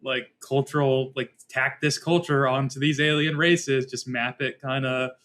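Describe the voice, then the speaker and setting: A man co-hosting a podcast in loose casual chat, with some swearing and halting restarts. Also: mid-range voice, fairly even intonation, a bit bright. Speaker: podcast co-host.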